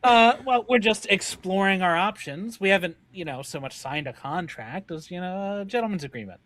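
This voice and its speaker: A man's voice: sits high, expressive, normal speed, fairly bright tone. Hesitant man at a game table. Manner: hesitant, filler-heavy, wheedling. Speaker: player. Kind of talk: casual tabletop game chat.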